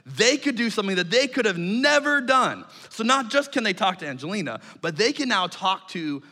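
A man preaching a sermon and telling a personal story in an animated way, often stammering and restarting his sentences. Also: sits high, moderate pace. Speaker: pastor. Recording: reverberant hall sound.

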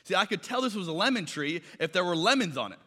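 A man's voice: sits high, expressive, quick pace, pushed and bright, big-room sound. A man preaching a sermon, telling stories in a conversational way and acting out the voices of the people in them. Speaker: pastor.

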